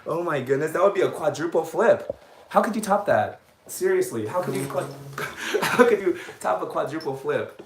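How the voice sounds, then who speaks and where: A man's voice: a little high, lively intonation, normal speed, echoey room, background noise. Chatty man grooming a dog. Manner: rambling, self-mocking, laughs at his own jokes. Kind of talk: casual livestream chat while grooming.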